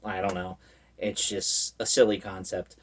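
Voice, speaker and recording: A man's voice: low voice, little pitch movement, unhurried, recorded from a distance. A man giving a casual, rambling recap of a horror movie, full of fillers and wry asides.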